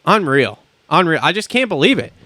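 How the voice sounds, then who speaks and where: A man's voice: a little high, big pitch swings, fairly quick, sharp tone, no room sound. A man hosting a podcast from a studio, ranting in a blunt, profane and indignant way. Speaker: podcast host. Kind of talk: heated podcast rant.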